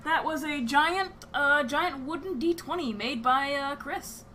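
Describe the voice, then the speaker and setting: A woman running a tabletop game as storyteller, chatty and loose in her narration. Her voice is bright and forward, with a faint hiss of noise behind it. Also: high voice, unhurried. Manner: chatty, laughs often, trails into filler words. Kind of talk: casual narration of a live-streamed tabletop game.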